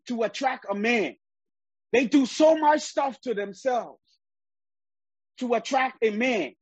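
A woman whose voice sits high and slightly rough teaches a Bible study like a sermon, reading verses aloud and then explaining them with emphasis. There's no room sound, and the recording is dull and lo-fi.

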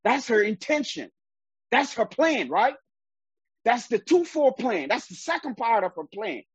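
A woman's voice: a little high, sing-song, a little slow, husky, no echo. A woman teaching a Bible study in the style of a sermon, reading verses aloud and then explaining them with emphasis. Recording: dull, lo-fi sound.

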